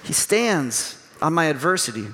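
A male pastor giving a sermon in a conversational, animated way, acting out little voices as he tells the story. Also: fairly high pitch, a little slow, gravelly, big-room sound.

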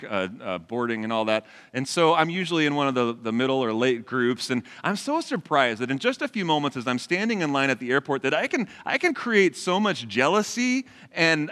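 A male pastor in his forties preaches to a live congregation, his pitch rising and falling with animated, expressive range. He talks conversationally and keeps turning to the crowd with questions. His voice carries a long reverb from the large church hall. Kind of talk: sermon.

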